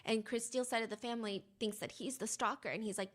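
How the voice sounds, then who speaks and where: A woman hosting a casual chat, retelling a case in an animated way and quoting the people involved. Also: fairly high pitch, fast talker. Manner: animated storyteller, fond of quoting others. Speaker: host. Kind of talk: casual true-crime chat.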